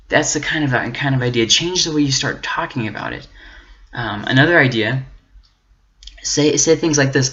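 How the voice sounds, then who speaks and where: A man speaks at an ordinary middle pitch, earnest and encouraging, as he delivers a faith-based motivational talk. He often stumbles, restarts and repeats words. The recording sounds dull and slightly muffled. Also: moderate pace, sharp tone. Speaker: self-help channel host.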